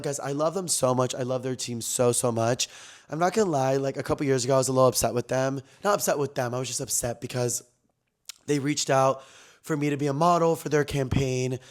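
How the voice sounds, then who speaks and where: A young man hosting his own podcast, telling a story in an animated, slangy, gossipy way, often jumping between loud and soft. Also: mid-range voice. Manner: animated, slangy and gossipy, with quick swings in loudness. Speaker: podcast host. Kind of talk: casual storytelling chat.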